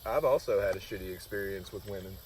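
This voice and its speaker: A man's voice: low voice, fast, a little mellow, a little hiss or hum, rough recording. A man on a podcast, adding wry and crude comments to casual banter. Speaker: podcast co-host.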